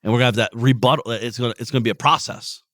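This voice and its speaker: A man with a head cold gives a blunt, profane motivational talk for his podcast. His voice is bright and forceful, and it pushes up high when he stresses a point. The sound is dry and close. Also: very fast, dry recording. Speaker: podcast host. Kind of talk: motivational monologue. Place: outdoors out back.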